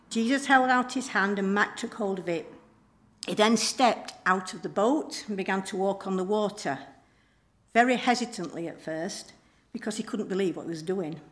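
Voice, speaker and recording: Woman, middle aged, chatty little church talk, lots of ums and uhs, mid pitch. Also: normal speed. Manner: homely, conversational storytelling with frequent hesitations. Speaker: church leader giving a message. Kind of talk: informal recorded sermon.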